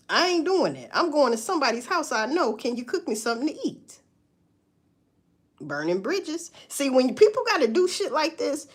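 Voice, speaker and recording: A woman talking bluntly and profanely to her viewers, preaching about work and faith in casual commentary. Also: high voice. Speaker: social media commentator. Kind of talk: casual live-stream commentary.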